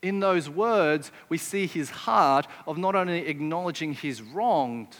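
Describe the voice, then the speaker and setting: A man's voice: fairly high pitch, animated, measured pace, fairly bright tone, big-room sound. A man preaching a sermon, emphatic and often putting rhetorical questions to his listeners. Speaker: pastor.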